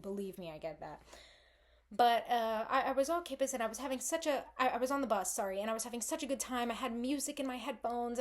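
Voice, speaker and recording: A young woman telling embarrassing stories in a casual, self-deprecating way, rambling with frequent restarts. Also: on the high side. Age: young adult. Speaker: vlogger. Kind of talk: casual storytelling monologue.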